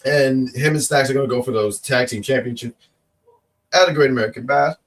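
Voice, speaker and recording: Slightly fast and mid-range, a man's voice comes across a distant mic as he co-hosts a casual live stream for a wrestling review show. Despite a cough, he rambles, cracks jokes, teases viewers, and reads their chat messages aloud from a little back from the microphone.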